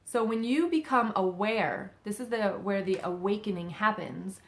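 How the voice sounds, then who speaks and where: A woman's voice: medium pitch, moderate pace. Chatty woman giving spiritual advice. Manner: conversational, many fillers and rhetorical "okay?". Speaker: psychic medium giving spiritual guidance. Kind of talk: casual spiritual advice talk.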